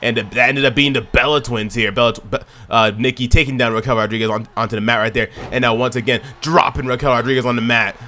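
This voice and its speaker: A man giving excitable play-by-play commentary on a wrestling video game, chatting to viewers and shouting at near-falls. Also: medium pitch, fast, few pauses, slight background noise. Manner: chatty, addresses viewers as y'all.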